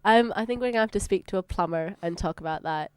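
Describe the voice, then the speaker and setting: Woman asking questions, smooth lowish voice, lots of ums, dry sound. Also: fast talker, no echo. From England. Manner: friendly, hesitant with ums. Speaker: radio interviewer. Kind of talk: casual interview chat.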